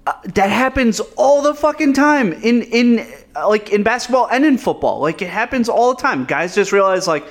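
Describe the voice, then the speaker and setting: High-voiced sarcastic man, casual chat. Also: animated, moderate pace, few pauses. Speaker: podcast co-host.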